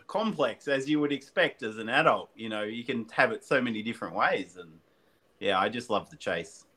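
A man's voice: mid-range voice, expressive, normal speed, pushed and bright, husky. A man speaking as a podcast guest, enthusiastic and searching for words with frequent repeats. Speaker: podcast guest, gin maker. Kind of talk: casual conversation.

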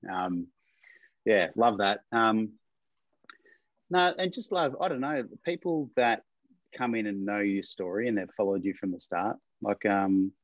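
A man's voice: on the low side, lively intonation, a little slow, no echo, lo-fi sound. A man, a distillery owner, chatting casually and rambling a little with fillers. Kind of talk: casual chat.

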